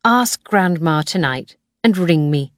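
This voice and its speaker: A woman's voice: fairly low pitch, expressive, slow pace, no echo, clean studio sound. A woman reading a friendly young aunt. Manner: friendly and eager. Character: warm young aunt and teacher.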